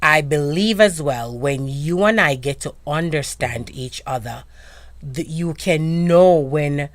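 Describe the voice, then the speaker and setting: A Jamaican woman in casual discussion, animated and slipping into patois phrasing as she makes her points. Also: low voice, slow pace, dry recording. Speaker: guest.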